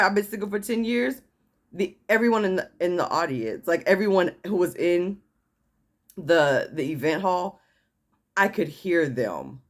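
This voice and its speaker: A woman vlogger casually telling a personal story, acting out what others said and laughing as she goes. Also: medium pitch. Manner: animated, laughing, acting out quotes.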